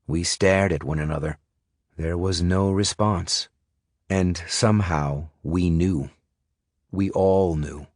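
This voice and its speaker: A man reading a thriller audiobook in first person, measured and suspenseful. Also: sits low, steady tone, darkish tone, no room sound, studio quality. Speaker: audiobook narrator. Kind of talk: scripted audiobook narration.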